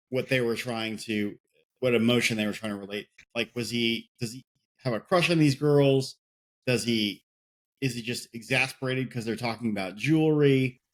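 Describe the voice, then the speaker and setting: Slow-talking man asking questions. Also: mid-range voice. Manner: questioning, hesitant with fillers. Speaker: podcast co-host. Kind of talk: casual podcast chat.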